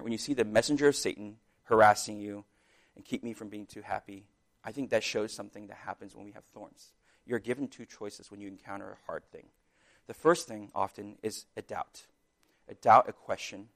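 A man preaching a sermon in an earnest, halting way, with restarts and sudden louder bursts. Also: fairly low pitch, gravelly.

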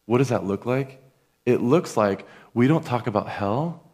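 A man's voice: medium pitch, lively intonation, unhurried, darkish tone. A man preaching a sermon in an earnest, conversational way, talking straight to his listeners.

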